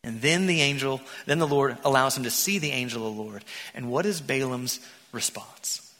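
Bright-voiced preacher in an echoey church. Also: male voice, medium pitch, normal speed. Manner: animated storyteller, acting out the characters. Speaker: pastor. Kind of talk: sermon. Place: church sanctuary.

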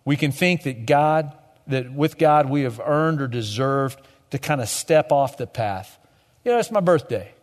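A young man delivers a sermon in a relaxed, conversational way. His voice sits a little high, and he lets it fall to a soft hush as he closes each point. A long reverb from a big hall trails behind his words. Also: moderate pace. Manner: conversational, drops to a low hush at the ends of points. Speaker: preacher.

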